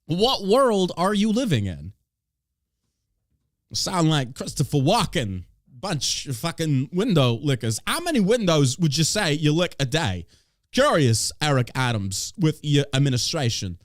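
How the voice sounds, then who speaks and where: A man hosting a podcast rants in a profane, mocking way. His fairly high voice leaps all over the place, recorded close and dry on a studio mic. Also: very animated, normal speed, no echo. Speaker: podcast host. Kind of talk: casual ranting chat.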